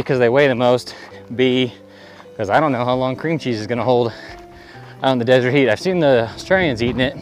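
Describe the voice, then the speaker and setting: A man's voice: mid-range voice, rough recording. A young man vlogging outdoors on a desert hiking trail, chatty and rambling with lots of fillers. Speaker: thru-hiker vlogger. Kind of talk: casual talking to camera on the trail.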